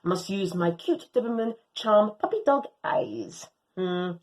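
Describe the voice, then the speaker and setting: A woman reading a storybook as an excitable, proud young female Doberman, speaking theatrically in grand old-fashioned phrases. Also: medium pitch, measured pace, low-quality recording. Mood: sheepish.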